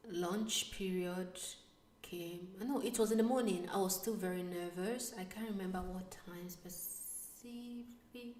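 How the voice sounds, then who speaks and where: A young adult woman, not a native English speaker, telling a personal story to camera. She keeps dropping to hushed whispers and then bursting out loud. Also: lowish voice, slight background noise. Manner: animated, switching between hushed whispers and excited bursts. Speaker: vlogger. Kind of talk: casual storytelling vlog. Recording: echoey room, slightly distant mic.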